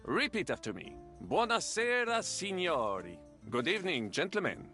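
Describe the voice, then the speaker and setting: Fussy language teacher, slightly high, lively sing-song lines, precise and kinda exasperated, game character. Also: male voice, moderate pace, faint music behind, heavily acted. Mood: patient, exacting. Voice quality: precise, exasperated tutoring manner. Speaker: language tutor. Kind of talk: game voice acting.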